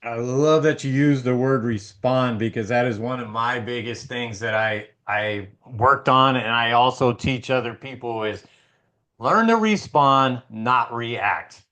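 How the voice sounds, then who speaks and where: A man's voice: mid-range voice, a little slow, sharp tone. A man hosting a podcast, talking in a casual, chatty way and often falling back on fillers. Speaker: podcast host. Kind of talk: casual conversation.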